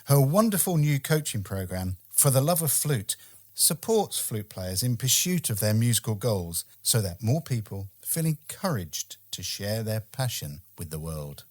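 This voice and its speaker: A man with a London accent introduces his podcast in a bright, upbeat presenter voice. His pitch moves around a lot, rising and falling with animation as he reads his scripted introduction. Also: very animated, a little slow. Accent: London English. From England. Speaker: podcast host.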